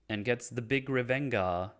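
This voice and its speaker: A man hosting a podcast, casually recapping an anime episode, laughing often and swearing. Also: medium pitch. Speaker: podcast host.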